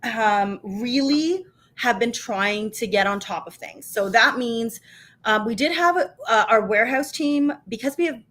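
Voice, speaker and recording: Her voice is mid-range and fairly bright. She's a co-founder and live show host doing a casual stream in her home kitchen, upbeat and talkative, leaning on fillers and starting sentences over.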